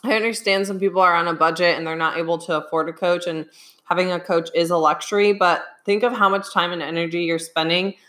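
A woman's voice: lowish voice, fairly even intonation, fast, a bit bright. Chatty young woman coaching on nutrition. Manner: chatty, emphatic, keeps asking "okay?". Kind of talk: live Q&A chat.

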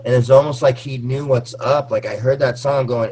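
A man in his forties, slightly tipsy, rambling excitably and swearing through a casual chat. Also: mid-range voice, normal speed, few pauses, a little hiss or hum, poor audio. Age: 40s. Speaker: guest on a call.

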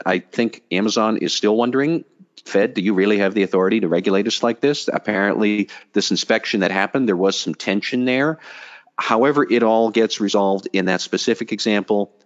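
A man on a casual panel chat, giving a measured, explanatory commentary. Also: on the low side. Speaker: podcast panelist. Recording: dull lo-fi audio.

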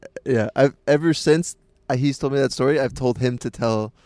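A man's voice: medium pitch, a little fast, darkish tone, dry recording. A man who is a podcast guest, chatting casually and joking at his own expense. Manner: joking, self-mocking. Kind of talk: casual chat.

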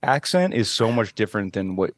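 A man's voice: fairly low pitch, very animated, fairly quick, no echo. A man co-hosting a casual podcast, rambling and hesitant with lots of fillers. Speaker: podcast co-host. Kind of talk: casual chat.

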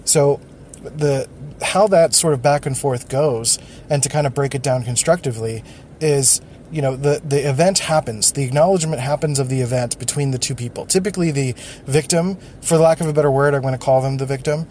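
A man's voice: mid-range voice, brisk, a little mellow, a little hiss or hum. A man hosting a solo podcast, thinking aloud in a loose, rambling way with frequent restarts. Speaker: podcast host.

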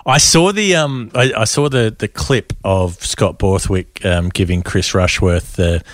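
A man's voice: fairly low pitch, a little slow, no room sound. A man co-hosting a podcast, bantering about cricket in a jokey, wry way with the odd swear. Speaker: podcast co-host. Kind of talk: casual cricket chat.

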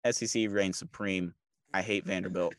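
A man's voice: deep voice, fairly even intonation, normal speed, fairly bright tone, no echo. A man co-hosting a sports podcast, talking casually and emphatically about college baseball. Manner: emphatic, repetitive, fired up. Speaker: podcast co-host.

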